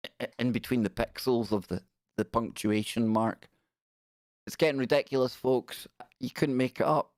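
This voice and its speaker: A man's voice: medium pitch, a little mellow, no echo, clean studio sound. A middle-aged man hosting a live stream, giving sarcastic, exasperated commentary on the news.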